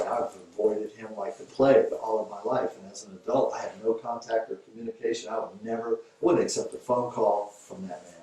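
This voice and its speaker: Speaking on the low side with a darkish tone, this yoga teacher delivers a conversational lecture built around a story, raising his voice to play both parties in the exchange. The mic sits far off in a room that echoes, with a little background noise.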